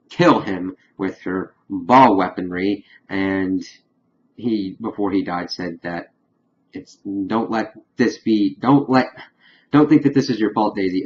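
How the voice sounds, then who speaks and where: A man's voice: deep voice, lo-fi sound, a little hiss or hum. A man casually recapping a TV episode, rambling and repeating "of course" as he loosely quotes the characters. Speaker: TV episode reviewer.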